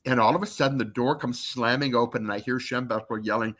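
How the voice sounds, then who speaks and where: A man's voice: quick pace, hardly any pauses. A man in his fifties, a podcast interview guest, telling a long personal story, acting out quotes and swearing freely. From Michigan. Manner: animated, acts out quotes with big pitch jumps.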